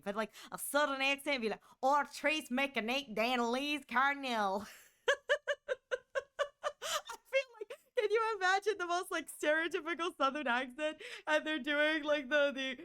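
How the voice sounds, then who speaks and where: A woman with a Northern US accent chatting casually on a live stream, bubbly and excitable, often laughing. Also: high voice, clear, resonant tone.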